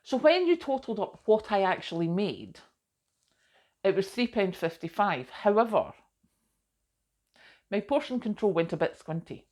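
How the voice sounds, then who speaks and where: A woman's voice: medium pitch, very animated, normal speed, pauses often, darkish tone. A middle-aged woman vlogging in a chatty, rambling way, self-deprecating and full of asides. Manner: chatty and rambling, self-deprecating, often says "do you know". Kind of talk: casual chat to camera.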